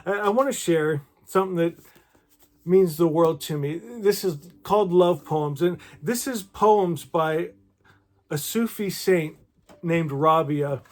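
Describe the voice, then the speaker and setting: A man talking warmly to his viewers and reading devotional poems aloud in a gentle, emotional, effusive way. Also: fairly high pitch, slow pace. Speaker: spiritual vlogger. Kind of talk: heartfelt talk and poetry reading to viewers.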